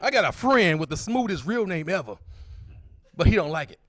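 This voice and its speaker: Stand-up comic, man, 40s, bright tense voice, loud high impressions of his friends. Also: very animated, fairly quick, slight background noise. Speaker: stand-up comedian. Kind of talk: stand-up comedy set. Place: comedy club stage.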